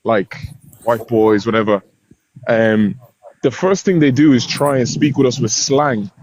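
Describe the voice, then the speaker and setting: Man from Ireland, panelist, mid pitch, measured talk. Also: fairly even intonation, darkish tone, a little hiss or hum, rough recording. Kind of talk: group discussion.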